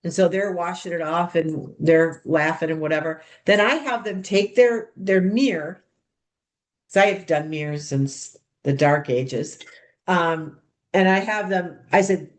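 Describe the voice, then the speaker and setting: A woman's voice: fairly low pitch, unhurried. Bubbly woman demonstrating skincare. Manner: bubbly and chatty, addressing the group as "you guys" and "ladies". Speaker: skincare consultant coaching how to host a product party. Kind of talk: hands-on demonstration talk.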